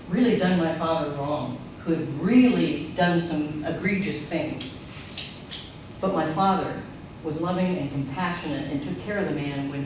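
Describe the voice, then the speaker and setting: A middle-aged speaker gives a personal storytelling sermon at a spiritual center, acting out remembered quotes. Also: medium pitch. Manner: animated storyteller who acts out remembered quotes. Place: large church sanctuary. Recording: echoey hall from far off, noisy.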